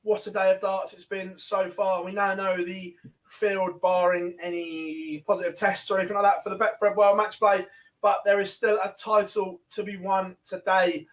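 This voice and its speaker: Male darts commentator with a high-pitched voice, brisk and chatty, recorded a bit off-mic. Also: little pitch movement, a bit bright, recorded from a distance. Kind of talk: live online sports commentary.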